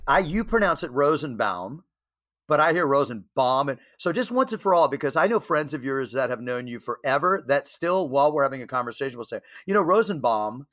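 Rambling, fairly high-voiced man in chat. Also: animated, fast, few pauses, fairly bright tone. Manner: rambling, filler-heavy, laughs along. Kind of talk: casual podcast chat.

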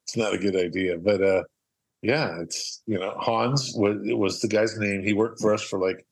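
A middle-aged Southern California man, appearing as a podcast guest, tells rambling, profane anecdotes and acts out the quotes. His voice sits on the low side with a steady tone, a breathy edge and a normal speed, though the audio is poor. It's casual storytelling.

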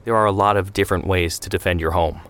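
A man's voice: low-pitched, fairly even intonation, fast talker, fairly bright tone. A man voicing a level-headed bookish young man. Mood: reasoned. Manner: reasoned, retorting.

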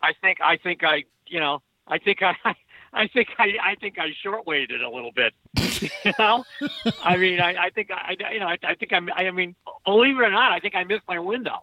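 A man's voice: high voice, fairly quick, dry recording. An older man, a political writer telling stories as a guest in a casual interview, wry and full of restarts. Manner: wry, storytelling, many restarts. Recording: dull lo-fi remote line.

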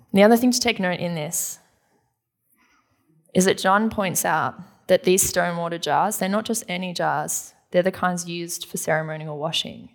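A woman's voice: fairly low pitch, moderate pace. A woman pastor preaching a sermon in an earnest, conversational way, acting out quotes as she goes.

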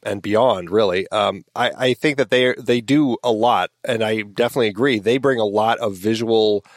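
A man's voice: lowish voice, moderate pace, dry recording, studio quality. A man hosting a casual film discussion podcast, thinking aloud with frequent restarts. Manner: thoughtful, rambling with restarts. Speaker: podcast host.

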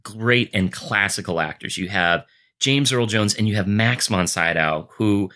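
An excitable man co-hosting a casual podcast, rambling eagerly through a film scene and stopping and restarting mid-sentence. His voice sits a little low, but the tone is bright and forceful. He keeps slipping into quoted voices as he retells the film. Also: a little slow. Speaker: podcast co-host. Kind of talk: casual chat.

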